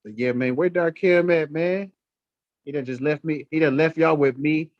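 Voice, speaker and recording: Man, guest on a live stream; blunt, profane storyteller; fairly high voice; dry, close sound. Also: normal speed, no echo, lo-fi sound. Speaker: livestream guest.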